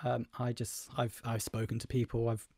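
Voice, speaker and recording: A young man co-hosting a casual podcast, jokey, with quick interjections. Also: medium pitch, monotone, a little mellow, no echo, clean studio sound. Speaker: podcast co-host. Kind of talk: casual chat.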